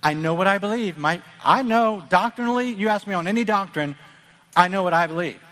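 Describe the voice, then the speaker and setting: A man's voice: high voice, fairly quick, bright, forceful tone. A middle-aged Midwestern pastor preaches earnestly to his congregation, his slightly raised voice carrying a long hall reverb. He talks plainly and conversationally, often restarting his sentences as he drives each point home. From American Midwest. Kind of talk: sermon.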